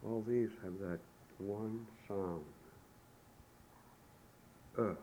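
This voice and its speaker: A man teaching a pronunciation lesson, slowly modeling each word and repeating it twice. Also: sits low, mellow, slight background noise, poor audio. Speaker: language teacher.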